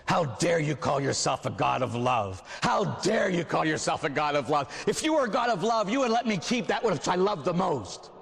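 Preacher playing a stubborn old man, pleading and defiant, raised pitch, echoing hall. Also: expressive, measured pace, vocal fry, hardly any pauses, husky, exaggerated voice. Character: stubborn 99-year-old man clinging to his land.

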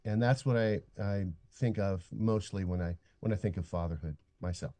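Older male radio guest, mellow tone, dry studio sound, earnest and halting. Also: lowish voice, no room sound. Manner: earnest, reflective, stop-start. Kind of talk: radio interview.

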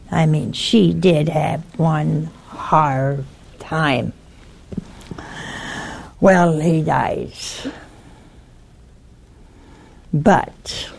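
With a low-pitched, creaky voice that's a little mellow and has a breathy edge, an older woman gives a casual sermon packed with stories on her video show. Her pace is slow, and she teases the audience with questions.

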